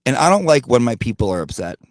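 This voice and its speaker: A man's voice: mid-range voice, big pitch swings, fast, no room sound. A man hosting his own commentary channel, ranting bluntly to his audience with plenty of swearing and repeated emphasis. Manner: blunt, profane, repetitive emphasis; talks directly to his audience.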